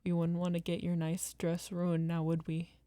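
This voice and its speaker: A woman voicing a gentle, doting middle-aged father who speaks fondly and slowly. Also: fairly low pitch, monotone, dry recording, studio quality, natural voice.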